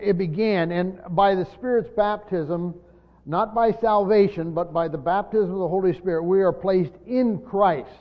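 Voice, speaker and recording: An older man preaching a sermon in a teacherly way, repeating his points with many pauses and "uh" fillers. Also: high-pitched. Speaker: pastor. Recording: dull lo-fi sound with long hall reverb.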